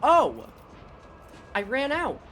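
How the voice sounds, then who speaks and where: A woman streamer giving excitable, casual commentary on a game. She swears freely and reads game dialogue aloud. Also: high voice, drawn-out words, soft background music.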